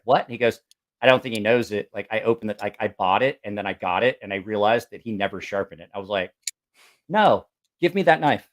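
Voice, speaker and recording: A man hosting a casual podcast chat, a blunt and profane storyteller who acts out both sides of his anecdotes. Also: medium pitch. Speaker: podcast host and knife sharpener.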